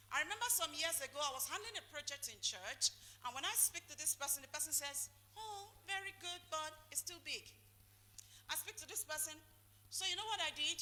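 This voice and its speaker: High bright woman speaking in a hall. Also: expressive, moderate pace. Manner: calls out questions for the audience to finish. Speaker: motivational speaker. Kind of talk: call-and-response motivational talk. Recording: echoey hall, faint noise.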